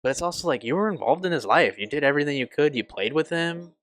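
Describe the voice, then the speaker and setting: A young man reviewing a TV show on his channel, emotional and halting, swearing often and restarting his sentences. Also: fairly high pitch, lively intonation, a bit bright, no room sound. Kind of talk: casual review.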